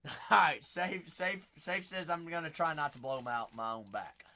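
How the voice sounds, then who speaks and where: A man hosting a live card break, excitable and joking, breaking into sudden shouts, tired after a long stream. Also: fairly high pitch, moderate pace. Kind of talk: live-stream commentary while opening packs.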